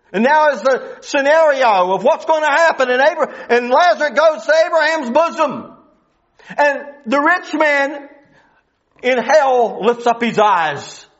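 A man's voice: very high-pitched, fairly bright tone. A man preaching a sermon, emphatic and full of rhetorical questions, on a dull lo-fi recording.

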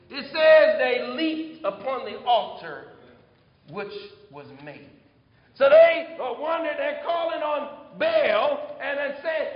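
A man preaching a sermon, retelling scripture in animated storytelling and reading verses aloud. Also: very high-pitched. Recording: echoey hall, dull sound.

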